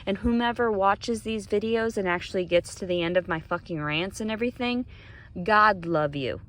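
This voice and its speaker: A woman pours out a frightened, angry rant straight to her viewers. She swears freely and talks in an agitated, unsettled way. Her voice sits at a middle pitch. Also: normal speed, fairly bright tone. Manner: profane, agitated, fearful. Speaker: vlogger. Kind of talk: emotional vlog rant.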